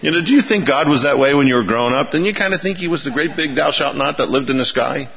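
A man's voice: fairly high pitch, lively intonation, fast talker, creaky. A man preaching a sermon in a folksy way, asking his listeners rhetorical questions. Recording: reverberant hall, dull lo-fi sound.

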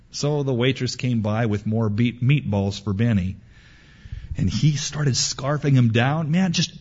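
A middle-aged preacher speaks slowly and deliberately, with a husky voice whose pitch swings widely. He tells stories and repeats his points with emphasis. The recording sounds dull and lo-fi. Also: lively intonation, a little mellow. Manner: storytelling, repetitive, emphatic. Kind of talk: sermon.

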